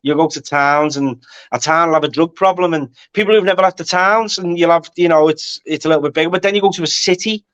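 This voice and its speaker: A man's voice: fairly high pitch, fast talker, dull audio. A man in his forties with a Liverpool accent, a guest telling stories animatedly in a casual chat and often checking that he is being followed. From Liverpool, England. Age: 40s. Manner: animated storyteller, checks in with "do you know what I mean". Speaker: guest actor.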